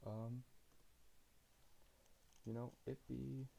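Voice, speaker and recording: A tired young man from Utah, streaming late at night and chatting casually with viewers in a relaxed, rambling way. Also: medium pitch, drawn-out words, gravelly, slight background noise, low-quality recording. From Utah, USA. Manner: relaxed, rambling, laughs often.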